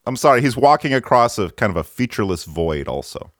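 A man's voice: mid-range voice, very animated, no room sound, studio quality. A playful, joking male podcast host. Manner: playful, joking, quick to laugh. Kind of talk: casual comedic chat. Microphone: remote call.

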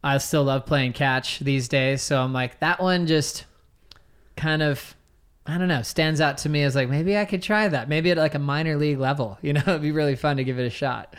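A man with a smooth, clear voice and a slightly high pitch talks through stories from his career. He keeps it casual, with plenty of "you know" and "like" and a ready laugh. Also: moderate pace. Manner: relaxed, laughs often, many fillers. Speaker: guest, surf commentator. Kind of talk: casual interview storytelling.

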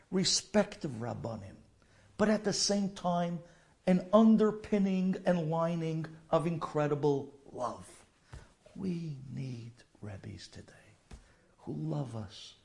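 A man tells an emotional personal story, slow and gravelly, often dropping to a whisper. His pitch swings widely as he rises to make a point. He peppers his speech with Yiddish and Hebrew terms. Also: a little mellow. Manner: emotional, halting, drops to whispers.

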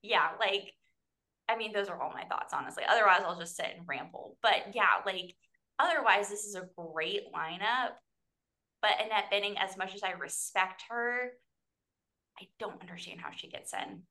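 A woman talking casually on a film panel, rambling and animated with lots of "like". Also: mid-range voice, normal speed.

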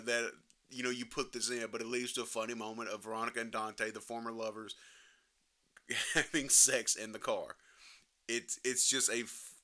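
Bright, passionate man reviewing a film. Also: medium pitch, clear, resonant tone. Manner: passionate, emphatic, rambling retelling with swearing. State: emotional. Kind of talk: casual spoken film review.

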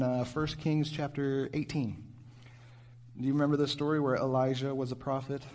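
A man, a youth pastor, giving an animated, conversational sermon and asking his listeners rhetorical questions. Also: mid-range voice.

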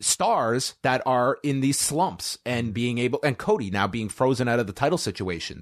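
A man co-hosting a wrestling talk show, thinking aloud in a casual, analytical way with frequent restarts. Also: lowish voice. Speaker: podcast co-host.

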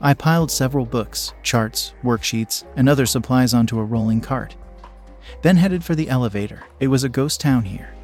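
A young man narrating a first-person story in a steady, plain reading. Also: medium pitch, moderate pace. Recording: faint background music.

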